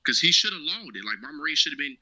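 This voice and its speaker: A man's voice: fairly high pitch, big pitch swings, quick pace, sharp tone, rough recording. A man, a former Marine, telling a casual story as an interview guest. He talks animatedly, acts out the dialogue and keeps checking in with "right?".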